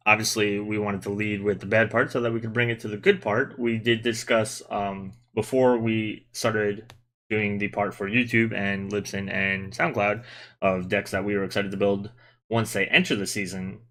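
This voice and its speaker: Man, low bright voice, forceful, podcast host, chatty, teasing. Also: flat delivery, normal speed. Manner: chatty, explains rules at length, teasing. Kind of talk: casual gaming podcast chat.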